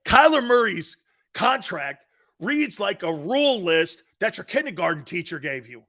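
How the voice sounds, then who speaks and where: A man's voice: sits high, measured pace. A man hosting a sports talk show, ranting in a brash, mocking, opinionated way. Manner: brash, mocking, animated rants.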